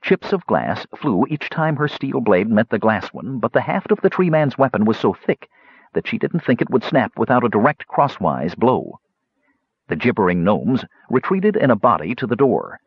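A man reading a fantasy novel aloud in a measured storytelling manner. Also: medium pitch, very animated, breathy edge, no room sound, highs cut off. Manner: measured storytelling, character voices. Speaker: audiobook narrator. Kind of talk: scripted fantasy narration.

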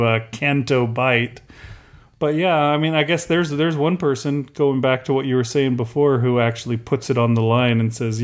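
A middle-aged man in casual podcast chat, rambling and animated, acting out little quotes and laughing as he goes. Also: medium pitch. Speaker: podcast co-host.

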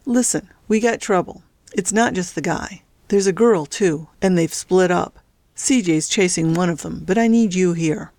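A woman's voice: on the low side, moderate pace, a little mellow, dry recording, close to an everyday voice. A woman voicing a cold, controlling male crime boss in a storybook reading.

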